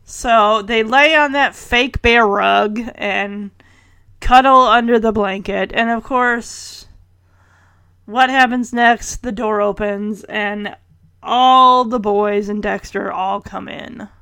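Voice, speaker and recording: A woman's voice: mid-range voice, fairly even intonation, takes it slowly, sharp tone, clean tone, no room sound. A middle-aged woman casually recapping a TV episode, chatty and wry, with laughing asides. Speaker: show recapper.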